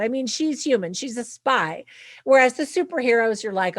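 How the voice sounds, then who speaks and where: A woman's voice: on the high side, lively intonation, moderate pace, a bit bright, no room sound. A woman hosting her own channel, giving a chatty, upbeat movie review with tips for parents. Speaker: film reviewer and channel host. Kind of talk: casual movie review to camera.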